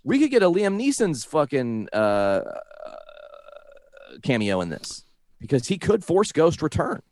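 A man co-hosting a casual chat, excitable and swearing casually. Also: on the high side, unhurried.

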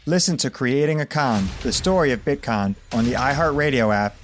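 A man's voice: mid-range voice, expressive, moderate pace. Guy narrating a dramatic podcast trailer, light music behind. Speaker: podcast host in an ad. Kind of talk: scripted promo narration.

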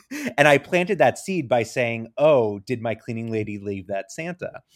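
In a relaxed podcast chat, a male co-host recounts a story and plays both parts of a conversation. He sounds expressive at a medium pitch, keeping a measured pace, and the studio recording is clean and dry.

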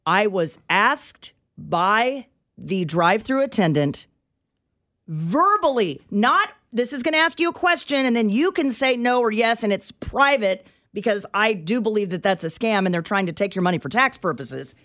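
A middle-aged woman co-hosting a radio show in a studio, telling an everyday story with animated, exasperated ranting. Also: mid-range voice, moderate pace. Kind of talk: casual talk radio chat.

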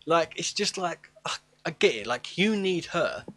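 A man's voice: on the high side, lively intonation, slow pace, fairly bright tone, no room sound. A man co-hosting a casual chat about a film, asking questions and joking. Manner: chatty, asks questions, jokes.

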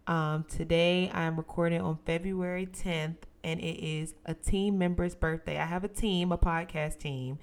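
A young woman hosting her own podcast in casual, expressive, sisterly talk. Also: lowish voice, unhurried, hardly any pauses. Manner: expressive, playful, sisterly and emphatic. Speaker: podcast host.

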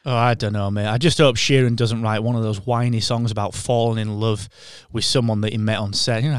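A man's voice: fairly low pitch, fairly even intonation, fairly quick, hardly any pauses, clear, resonant tone, no room sound, studio quality. A man co-hosting a podcast in casual chat, sarcastic and mocking, breaking into impressions. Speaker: podcast co-host.

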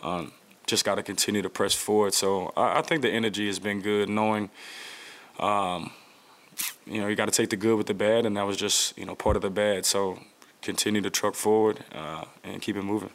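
Low flat-voiced man answering press questions. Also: brisk. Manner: relaxed, reflective, many fillers. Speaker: football player at press conference. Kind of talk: casual press conference answers.

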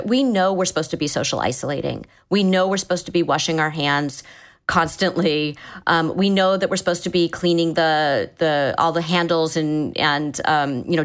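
A woman in her forties, a therapist, calmly explaining advice in conversation, often restarting her sentences as she thinks. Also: deep voice. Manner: calm, thoughtful, explanatory with frequent restarts. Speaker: therapist guest.

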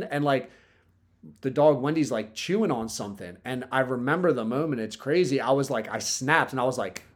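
A man's voice: mid-range voice, normal speed, husky. A man in casual chat, telling a story in a laid-back way, swearing often and leaning on "like" and "dude".

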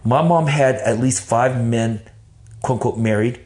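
A man from Texas, telling his life story in casual, animated talk full of cursing, acting out his own past thoughts. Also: mid-range voice, measured pace.

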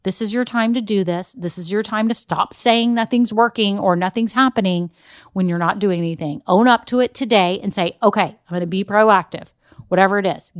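A woman hosting a podcast as a business coach, giving an energetic, emphatic pep talk directly to her listeners. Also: mid-range voice, fairly quick, no echo, studio quality. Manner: addresses listeners directly with "y'all" and "okay?". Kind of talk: motivational solo podcast talk.

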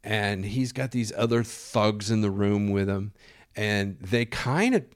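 Low-voiced, profane male storyteller. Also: slow pace, no echo, clean studio sound. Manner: profane, animated, vivid storytelling. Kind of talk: casual anecdote.

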